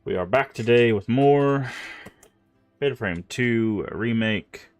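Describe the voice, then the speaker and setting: A man's voice: medium pitch, takes it slowly, smooth, faint music behind. Stuffy-nosed man chatting on stream. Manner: rambling, filler-heavy, apologetic. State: stuffy nose from allergies. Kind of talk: casual gameplay stream chat.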